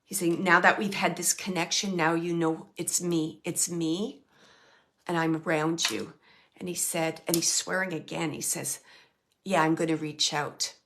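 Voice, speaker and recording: Middle-aged woman medium, gentle and hushed, a little gravelly, loose with her sentences. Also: fairly low pitch, fairly even intonation, unhurried. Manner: relays messages in a soft, often hushed voice, with restarts. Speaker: medium giving readings. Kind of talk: live mediumship reading to an audience.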